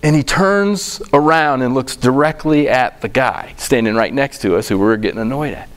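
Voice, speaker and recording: A middle-aged man, a pastor giving a sermon, telling stories in a lively, conversational way. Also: medium pitch, normal speed. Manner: storytelling, animated and conversational.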